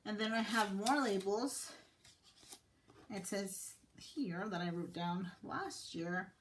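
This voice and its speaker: Woman, 30s, teacher vlog, slow unhurried delivery, faint background hiss. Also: mid-range voice. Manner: slow, thoughtful, gently sentimental with many fillers. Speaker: teacher and planner vlogger. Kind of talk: casual show-and-tell vlog.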